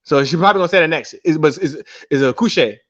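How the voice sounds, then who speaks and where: Man from Sierra Leone, halting, lots of ums, high voice, muffled call audio. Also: fairly bright tone, dry recording. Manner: halting, many restarts and ums, corrects pronunciation. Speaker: guest on a livestream. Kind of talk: casual call-in chat.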